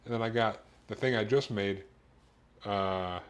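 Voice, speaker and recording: A man's voice: lowish voice, unhurried, smooth. Rambling man chatting while cooking. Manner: rambling, self-interrupting storyteller. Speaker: streamer. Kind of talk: casual chat while cooking. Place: home kitchen. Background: kitchen dishes and cutlery clatter.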